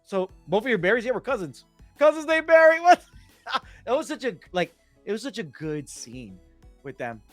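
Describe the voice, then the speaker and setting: A man casually discussing a movie on a podcast, animated and excitable, acting out scenes as he goes. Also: sits high, normal speed, soft background music. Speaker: podcast host.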